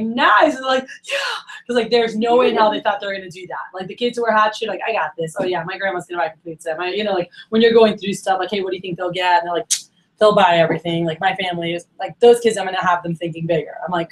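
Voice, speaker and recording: Energetic woman coaching sales managers. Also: medium pitch, slight background noise, poor audio. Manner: animated, acts out quoted dialogue. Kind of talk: training workshop talk.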